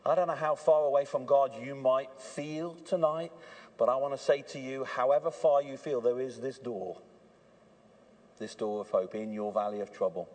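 A man preaching a sermon at an evening church service, earnest and swinging between hushed warnings and fervent emphasis. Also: medium pitch, steady tone, moderate pace.

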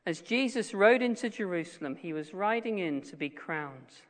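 A man preaching a sermon, earnest, slowing down and dropping his voice to stress key phrases. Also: high-pitched, expressive. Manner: earnest, slows and drops to a hush on key phrases. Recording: long reverb of a hall.

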